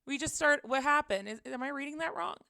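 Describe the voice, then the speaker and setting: A woman's voice: high-pitched, a little fast, gravelly, sharp tone, dry recording. A young woman chatting casually on her live stream from her apartment, giggling often, her voice a little tired, into a desk microphone.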